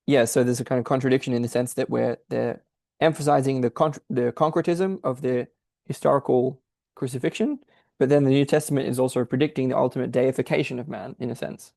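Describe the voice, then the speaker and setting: A man's voice: medium pitch, fairly even intonation, a little fast, gravelly, warm tone, dry recording. A man thinking aloud as he explains a difficult text, in a searching, explanatory manner. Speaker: podcast host explaining a text. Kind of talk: exegetical commentary.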